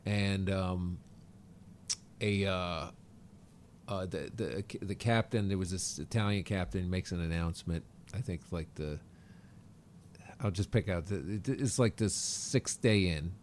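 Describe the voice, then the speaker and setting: A male comedian telling a rambling, animated story with restarts and curses. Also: sits low, a little slow, long pauses, a little hiss or hum. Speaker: comedian guest. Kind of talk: comic storytelling.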